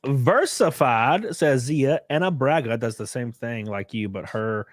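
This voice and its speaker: Speaking a little slowly, this young male livestream host talks politics in a casual, foul-mouthed way, ridiculing what he reads out. The recording is studio quality without echo, and he performs the quotes with wide pitch swings.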